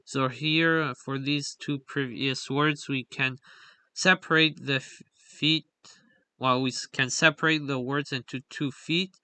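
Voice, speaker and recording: A man's voice: medium pitch, fairly even intonation, takes it slowly, sharp tone, dry recording. A young man giving a slide-based linguistics lesson, talking in a hesitant way with frequent fillers and self-corrections. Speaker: linguistics explainer. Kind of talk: slide lecture voice-over.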